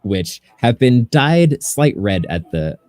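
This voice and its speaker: A man acting as game master, narrating a tabletop game in a relaxed way full of fillers. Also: mid-range voice, slow pace, dry recording.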